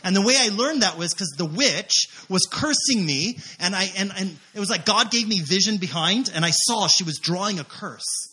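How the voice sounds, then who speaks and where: A man preaching through a personal testimony, acting out each voice as he goes. His voice is bright and forceful, pitched a little high. He speaks with loose fillers throughout. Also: normal speed, few pauses. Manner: animated, acts out quotes, frequent fillers. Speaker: missionary preacher. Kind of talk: sermon testimony storytelling.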